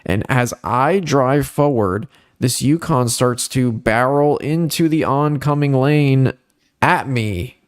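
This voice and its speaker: A young man hosting a casual podcast, telling a story animatedly and jumping up in pitch at the dramatic moments. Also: takes it slowly, smooth, dry recording, clean studio sound. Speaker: podcast host.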